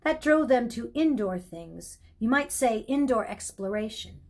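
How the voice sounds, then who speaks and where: A woman reading a children's novel aloud in calm, expressive narration. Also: on the high side, measured pace. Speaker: audiobook reader. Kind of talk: storybook narration.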